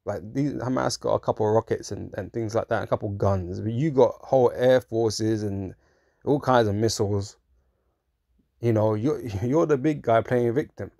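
A man with a low, gravelly voice delivers an informal sermon, speaking as if chatting to a friend and tagging his points with "right?" and "man". He chuckles as he goes and slips into mocking voices. The sound is dry and close, with no room echo. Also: normal speed, dark tone. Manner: conversational, keeps asking "right?" and saying "man". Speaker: religious commentator. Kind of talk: informal preaching monologue.

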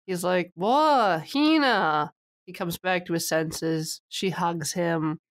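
A woman's voice: on the low side, little pitch movement, unhurried, gravelly. A woman co-hosting a casual podcast, steadily recapping an episode's plot with wry asides. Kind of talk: casual chat.

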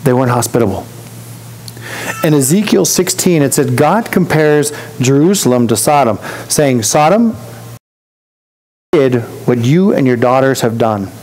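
A man's voice: a little high, darkish tone, poor audio. A man preaching a sermon as pastor, in a conversational storytelling way, acting out the voices of people he quotes. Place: church.

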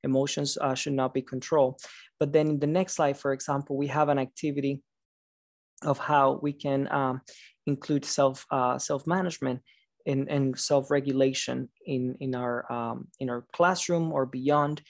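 A man's voice: medium pitch, level tone, normal speed, vocal fry, dry recording, clean studio sound. Tired man presenting over a video call. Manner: encouraging, reads out audience answers with praise; stumbles and restarts words now and then. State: tired, late at night. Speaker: conference presenter, teacher educator. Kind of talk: online conference presentation.

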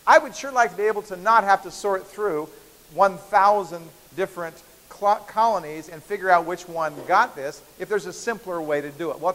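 A male lecturer with a high, fairly bright voice teaches a university biochemistry class playfully and chattily, often checking in with his students. The recording, made in a large lecture hall, is hissy with long reverb.

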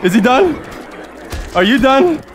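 A man hosting a live-streamed game, excitable and playful with loud exclamations. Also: very high voice, unhurried, music in the background. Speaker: gameplay host.

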